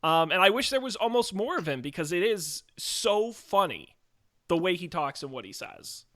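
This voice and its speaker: A man co-hosting a casual movie podcast, telling jokey stories in an animated way. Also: sits high, moderate pace, dry recording, studio quality. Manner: animated, joking storyteller. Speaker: podcast co-host.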